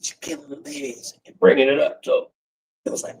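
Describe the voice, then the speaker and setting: A man in his forties doing a profane comedic rant on a livestream, breaking into cackles and swinging from loud outbursts to low mutters. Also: steady tone, a little fast, creaky, background noise. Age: 40s.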